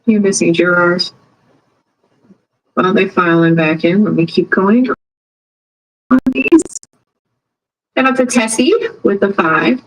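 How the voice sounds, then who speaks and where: A woman's voice: lowish voice, unhurried, pauses often, low-quality recording. A woman hosting a casual live stream. She chats with viewers and tells stories, acting out the people she quotes. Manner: chatty, animated storyteller who acts out quotes. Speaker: live stream host covering a trial.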